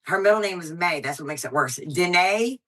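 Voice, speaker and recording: A woman in her thirties talks in a blunt, profane, high-energy way, dropping swears through every story. Her voice is low for a woman, with a bright and sharp edge. This is a casual podcast chat. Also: expressive, fast talker, a little hiss or hum, poor audio. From Pennsylvania, US. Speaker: stand-up comedian guest.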